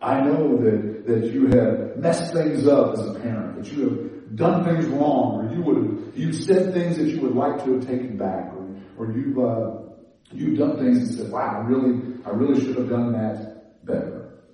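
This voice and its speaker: A man preaching a sermon in a conversational, animated way, laughing and restarting as he talks. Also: mid-range voice, unhurried, heavy reverb, far from the mic, low-quality recording. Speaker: pastor.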